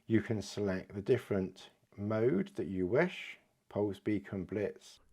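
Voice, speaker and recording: Expressive and slow, with a fairly low, slightly mellow voice, a British man demonstrates a watch in a chatty, casual review, chuckling at his own jokes. His voice sounds a little rough.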